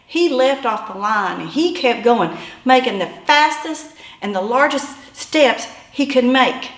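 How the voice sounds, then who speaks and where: Woman in her 50s, high voice, telling a funny story about herself, lively, echoey room. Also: measured pace. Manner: animated, humorous, self-deprecating. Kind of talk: personal storytelling.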